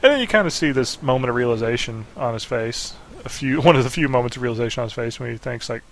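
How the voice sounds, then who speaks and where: A young man casually telling a family story over gameplay, laughing often and briefly acting out relatives' lines. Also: mid-range voice. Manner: laughing, animated storyteller doing quick family voices. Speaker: gaming video host.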